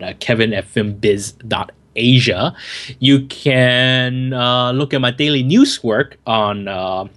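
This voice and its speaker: A man's voice: medium pitch, fairly bright tone. An American man chats on a film podcast in a loose, easygoing way. He stops and restarts his sentences, fills gaps with ums and uhs, and keeps a light, self-amused tone. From United States. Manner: chatty, self-amused, many fillers and restarts. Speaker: co-host and film journalist. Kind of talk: casual podcast chat.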